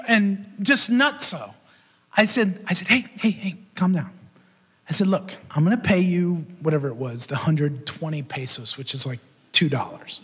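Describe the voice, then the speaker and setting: Bright high-voiced preacher in an echoing hall. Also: male voice, husky. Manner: animated, acts out quoted voices. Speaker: pastor and podcast host. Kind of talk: storytelling sermon. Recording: long hall reverb.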